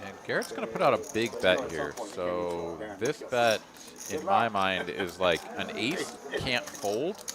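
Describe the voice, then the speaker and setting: Male poker commentator with a deep voice, talking through the hands over a noisy card-room crowd. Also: big pitch swings, measured pace, few pauses. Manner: conversational, talks through betting logic. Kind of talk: live play-by-play commentary. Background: crowd chatter of a card room.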